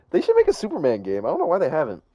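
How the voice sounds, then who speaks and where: A man's voice: on the high side, mellow, a little hiss or hum. A young man chatting casually while gaming, slangy and profane, laughing often. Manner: slangy, profane, laughs a lot, says "bro".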